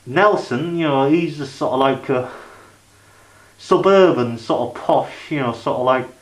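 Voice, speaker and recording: A man's voice: mid-range voice, a little slow. A man, rambling through a casual review vlog of his DVD collection and leaning on "you know" and "like" fillers. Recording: echoey room.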